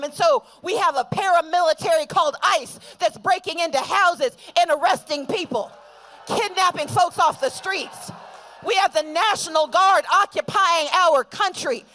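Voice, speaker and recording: A woman addressing an outdoor protest rally, building from steady argument to shouted call-and-response refrains. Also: high voice. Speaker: rally speaker.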